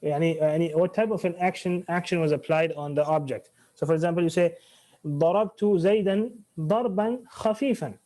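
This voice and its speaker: A man's voice: fairly high pitch, level tone, fast talker, mellow. A man teaching Arabic grammar in an online class, switching between English and Arabic, restarting phrases and quizzing his students.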